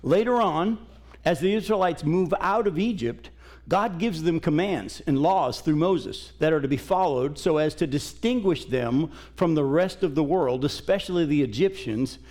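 A man's voice: on the high side, moderate pace, a little mellow. A middle-aged man, a pastor, teaching from scripture in a folksy, conversational sermon in a church. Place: church sanctuary.

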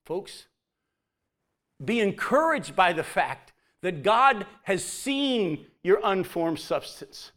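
A man giving a conversational sermon who acts out the quotes and drops to a soft voice near the end. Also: high-pitched, sing-song, takes it slowly. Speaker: preacher.

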